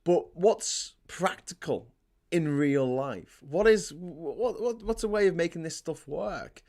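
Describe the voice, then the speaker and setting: A man's voice: fairly high pitch, lively intonation, measured pace, a little mellow. Male stream host, casual news chat, sardonic and rambling, prone to ranting. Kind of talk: casual live-stream commentary, reading out chat comments.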